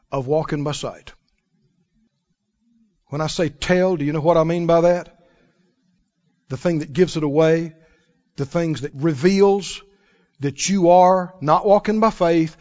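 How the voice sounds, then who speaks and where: A man preaching a sermon, emphatic and animated, often breaking into laughter. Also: a little high. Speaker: pastor. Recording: dull lo-fi recording.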